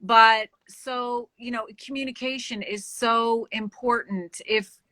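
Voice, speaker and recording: Bright earnest woman guest, slightly high voice, measured. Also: steady tone, no room sound. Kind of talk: interview conversation.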